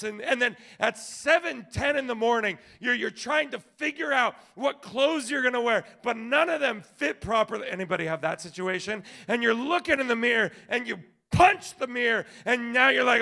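High gravelly male pastor preaching. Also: a little fast, few pauses. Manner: animated storytelling, swings from shouting to quiet. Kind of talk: sermon.

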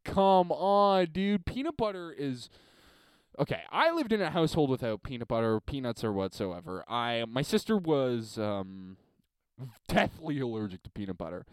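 A man's voice: mid-range voice, big pitch swings, moderate pace, clear, resonant tone, dry recording, studio quality. A man hosting a solo podcast from a basement, reading listener emails in a crude, sarcastic, rambling rant. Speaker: podcast host.

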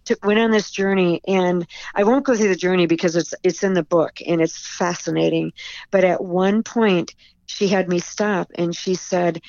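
A woman's voice: fairly low pitch, fairly even intonation, normal speed, a little mellow, dry recording, dull audio. A woman author, a podcast guest, telling a personal story in an earnest, emotional way with frequent restarts. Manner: tearful and earnest, with repeated restarts.

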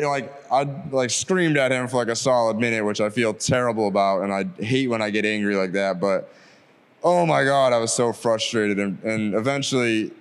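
A man's voice: mid-range voice, moderate pace, smooth. A young man, a delivery driver, telling a story casually and animatedly, acting out the dialogue. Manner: animated, acts out quoted dialogue.

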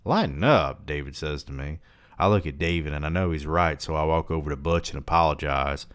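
A man with a very deep, smooth and resonant voice reads a novel aloud. He stops now and then for relaxed commentary and swearing asides. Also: brisk. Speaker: reader and book commentator.

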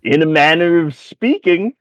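A man voicing an ancient, grandiose male wizard in rainbow robes, speaking in a booming, theatrical way. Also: animated, moderate pace, fairly bright tone, no echo, highs cut off.

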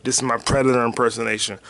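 A man hosting his own podcast in loose, profane, slangy chat, with excited bursts and quiet mutters as he reads comments. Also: mid-range voice. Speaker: podcast host. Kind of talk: casual solo podcast chat.

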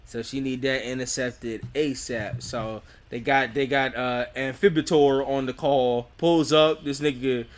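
A man's voice: medium pitch, steady tone, measured pace, hardly any pauses. A man recapping a show with a friend in casual, profane chat, acting out characters and laughing a lot. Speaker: podcast co-host.

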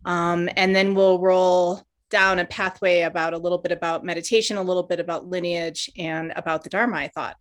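A woman's voice: fairly low pitch, fairly even intonation, a little fast, few pauses. A woman hosting a podcast, framing thoughtful questions to her guest for the listeners. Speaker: podcast host. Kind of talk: interview questions.

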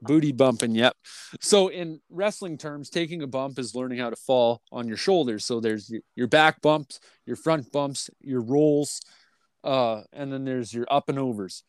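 A man's voice: mid-range voice, moderate pace, clear, resonant tone, no echo. A man telling a long story in casual podcast talk, rambling and swearing constantly, with many fillers and restarts. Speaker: podcast host.

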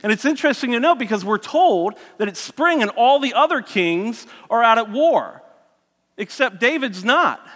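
A man preaching a sermon as a lively story, acting out the characters' voices and adding joking asides. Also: extremely high pitch, normal speed, long reverb tail. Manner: animated, voices the characters, self-mocking asides.

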